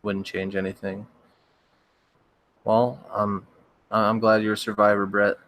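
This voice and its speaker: A young man, a horror story narrator, chatting casually on a livestream, rambling and hesitant, his voice cracking and needing throat-clearing now and then. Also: lowish voice, little pitch movement, a little slow, fairly bright tone, no echo. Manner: rambling, hesitant, with many restarts and fillers.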